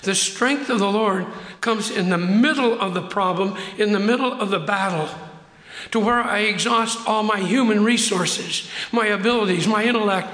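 An older man preaches a sermon in a church sanctuary, his voice high and bright. He acts out the quotes and drags out key words for emphasis. The room rings with a long, echoey reverb. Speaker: pastor. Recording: echoey hall.

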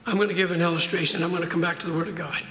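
An older man preaches a sermon in a church sanctuary, his voice high and bright. He acts out the quotes and drags out key words for emphasis. The room rings with a long, echoey reverb. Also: fairly even intonation, rapid-fire. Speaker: pastor. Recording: echoey hall.

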